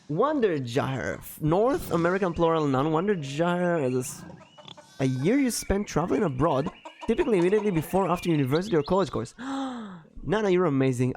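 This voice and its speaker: Guy streaming a game, rambly, laughs a lot, corrects himself, slightly high voice. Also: sing-song, moderate pace, a little mellow. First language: Danish. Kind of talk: casual let's-play commentary.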